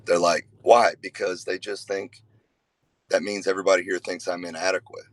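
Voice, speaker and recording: A man, a father and youth wrestling coach, talking casually to a group, telling stories earnestly with sudden emphatic loud bursts and conversational fillers. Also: deep voice, little pitch movement, fairly quick, no room sound, poor audio.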